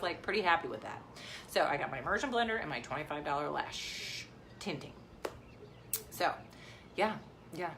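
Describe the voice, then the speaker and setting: Low-voiced chatty mom vlogger. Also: female voice, a bit bright, slight background noise. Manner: rambling, chatty, many fillers and restarts. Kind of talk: casual live-stream chat. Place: outdoors near the beach. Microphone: phone live stream.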